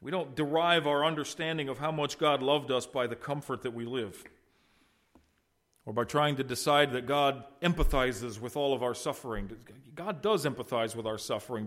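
A middle-aged male pastor delivering a sermon. His voice sits a little high for a man. He preaches earnestly, rising loud and falling soft as he makes his points. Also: moderate pace. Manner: earnest preaching with wide swings in loudness and pitch.

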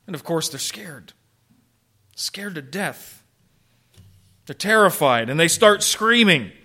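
A man's voice: on the high side, animated, takes it slowly, bright, forceful tone. A man preaching a sermon, emphatic, with rhetorical questions and dry humor. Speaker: pastor.

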